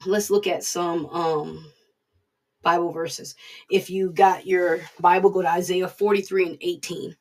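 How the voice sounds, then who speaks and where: A woman preaching in a plain, conversational way, speaking straight to her listeners. Her voice is gravelly and husky. She sounds a little distant from the microphone. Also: on the low side, little pitch movement, a little slow, a little mellow. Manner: plain-spoken, conversational, addresses listeners directly. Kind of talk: informal recorded sermon.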